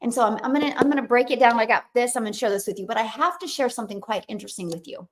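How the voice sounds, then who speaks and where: A woman in her fifties hosting a live stream, talking fast and energetically to viewers and greeting them by name. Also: fairly high pitch. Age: 50s. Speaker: livestream host.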